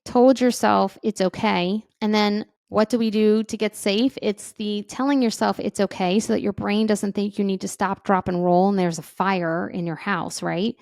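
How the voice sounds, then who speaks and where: Gravelly-voiced woman giving parenting advice. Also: medium pitch, steady tone, moderate pace, few pauses, a little mellow, dry recording, studio quality. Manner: conversational, often checks in with "right?"; acts out feelings and inner voices. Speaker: parenting educator. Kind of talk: casual advice talk.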